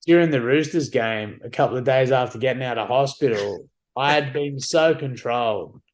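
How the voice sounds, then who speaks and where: A man's voice: mid-range voice, normal speed. A man in his forties, a podcast guest telling candid, wry stories in casual conversation, often adding "like" and "you know what I mean". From Australia.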